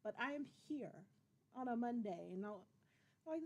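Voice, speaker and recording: A woman in her forties hosts a casual livestream, her voice pitched high. She chats loosely and playfully, drawls her y'alls and calls out to viewers by name with excitement. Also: brisk, slight background noise. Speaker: livestream host.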